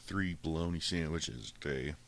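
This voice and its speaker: Profane deep-voiced man telling a story. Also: normal speed. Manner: profane, animated retelling, acts out quotes. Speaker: podcast host. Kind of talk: casual storytelling.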